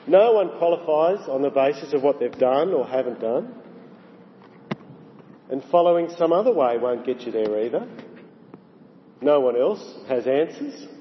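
A man preaching a sermon, emphatic, rising on key phrases and slowing down for weight. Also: medium pitch, expressive, a little hiss or hum. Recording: dull sound with long hall reverb.

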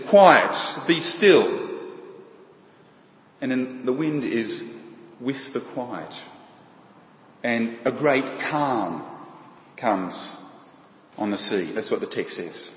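Male preacher, halting and repetitive delivery, long-reverb hall, dull lo-fi sound. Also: mid-range voice. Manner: halting, repeats words and restarts. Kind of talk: sermon.

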